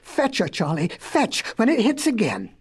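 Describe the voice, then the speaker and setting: A woman voicing an excitable, absent-minded male professor inventor in a storybook reading, stammering and exclaiming. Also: fairly high pitch, moderate pace, slightly rough, full character voice. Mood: excited.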